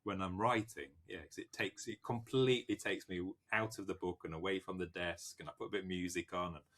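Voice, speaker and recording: A man's voice: low voice, fairly even intonation, brisk, fairly bright tone. A man, a novelist guest, chatting casually and animatedly in an interview, laughing often.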